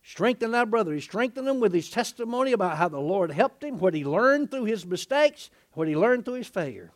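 A middle-aged man preaching a lively sermon in a folksy way. He laughs often, asks his listeners "isn't that right?" and acts out the people in the passage he is reading. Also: high voice, a little fast. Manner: animated, folksy, laughing often, acting out quotes.

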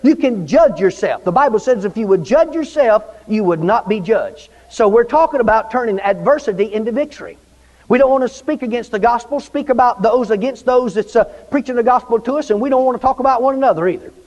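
A man with a very high, animated, slightly mellow voice preaches a fervent, repetitive sermon in a church at a fairly quick clip, frequently calling out for amens. The recording is dull and lo-fi with long church reverb.

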